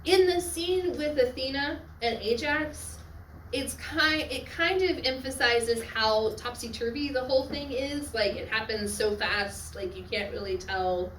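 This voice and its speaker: A woman teaching a Latin class on literary devices, often checking in with her students and adding quick asides. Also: high voice, fairly bright tone, a little hiss or hum. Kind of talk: classroom lecture. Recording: echoey classroom from far off.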